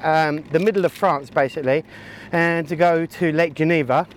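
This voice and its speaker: A man with a somewhat high, steady voice talks at a normal speed while cycling outdoors on country roads and through the city. As a cycling vlogger, he rambles through casual, jokey narration about his ride and route, mocking himself and talking to himself. Faint traffic and outdoor noise sit in the background.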